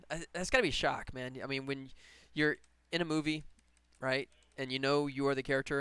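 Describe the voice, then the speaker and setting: A man's voice: mid-range voice, a bit bright, clear, resonant tone, dry recording. A man chatting casually on a live stream while working on a game, rambling and laughing as he talks. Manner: rambling, enthusiastic, laughs often.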